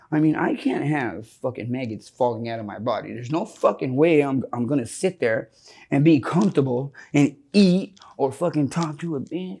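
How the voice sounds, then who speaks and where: A man in a candid street interview, telling rambling, profane stories and acting out his friends' words. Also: fairly high pitch. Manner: profane, rambling, animated when quoting friends.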